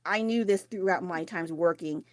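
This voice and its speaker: A woman talking loudly and candidly into her phone mic during a casual live stream, rambling and swearing casually. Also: fairly low pitch, normal speed, no room sound. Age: adult. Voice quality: loud, raised voice.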